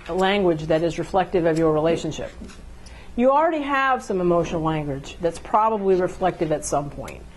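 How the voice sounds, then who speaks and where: This female instructor has a lowish, somewhat dark voice. Her classroom lecture covers communication, and she keeps repeating key phrases while checking in with the room, even performing couples' exchanges as examples.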